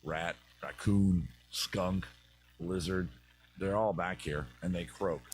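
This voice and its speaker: East coast guy doing a jokey livestream in his backyard, kinda low voice, rambles all over. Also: steady tone, slow. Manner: rambling, jokey, riffing on tangents. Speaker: host of a comedy advice live stream. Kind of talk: casual comedic live stream chat. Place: outdoors in a backyard by a fire.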